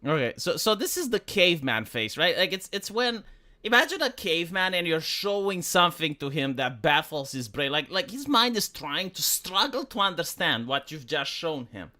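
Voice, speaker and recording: A man's voice: on the high side, big pitch swings, moderate pace, bright, forceful tone. A man from Romania ranting on a livestream, profane and full of restarts and fillers. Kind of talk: casual opinionated livestream rant.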